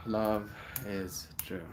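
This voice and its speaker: Young man, casual livestream chat, low voice, slow musing delivery. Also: a little hiss or hum. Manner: relaxed, musing, reads affirmations aloud slowly. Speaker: daily streamer.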